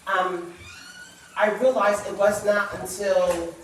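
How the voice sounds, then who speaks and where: A woman's voice: mid-range voice, steady tone, takes it slowly, slight background noise. Earnest woman in an echoey room. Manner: earnest, reflective storytelling. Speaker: guest author. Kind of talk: personal testimony in a talk show. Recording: echoey room, far from the mic.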